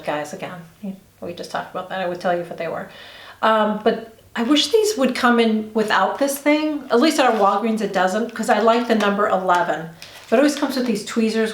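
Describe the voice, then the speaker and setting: A middle-aged woman chatting in a rambling, confiding way while she does her makeup on camera at home for a beauty vlog. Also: mid-range voice. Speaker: beauty vlogger. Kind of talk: chatty get-ready-with-me vlog. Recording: roomy echo.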